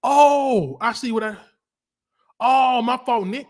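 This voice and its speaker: A man from Alabama with a Southern accent, hosting a casual livestream and ranting about college football in a rambling, animated way full of slang. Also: very high-pitched, slow. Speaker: livestream host.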